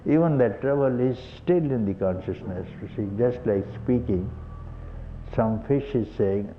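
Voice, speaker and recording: Older man, Indian accent, slow unhurried teaching, low voice, chuckles, tinny hissy tape. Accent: Indian English. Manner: chuckles often, asks rhetorical questions. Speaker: spiritual teacher. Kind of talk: satsang talk. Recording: tinny old tape with faint hiss.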